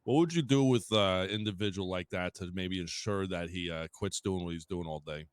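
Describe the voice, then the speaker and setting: A man's voice: low voice, normal speed, clear, resonant tone, no echo. A man playing a police interviewer in a game role-play, asking questions with many hesitations. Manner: hesitant, filler-heavy questioning.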